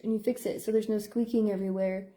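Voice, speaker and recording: A middle-aged woman who works as a psychotherapist and behavior analyst speaks fast in a mellow voice with fairly even intonation. Her monologue rambles in a stream-of-consciousness way, full of fillers and playful squeak sound effects.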